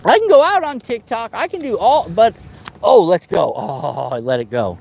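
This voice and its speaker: A man hosting a live fishing stream, chatting casually and excitably, teasing friends and whooping. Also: high-pitched, normal speed, vocal fry, a little hiss or hum. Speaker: fishing livestream host.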